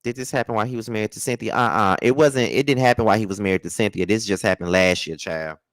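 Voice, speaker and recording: A man hosting a live celebrity gossip chat, sassy and animated, scolding with sudden high exclaims and drawling "child" and "honey". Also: fast, no echo. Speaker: gossip show host.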